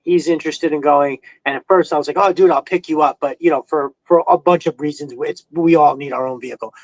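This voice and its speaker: A man's voice: fairly high pitch, fairly even intonation, brisk, no echo, poor audio. A man from New York with a New York accent, hosting a podcast and telling long, rambling stories in casual chat, swearing freely. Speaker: podcast host.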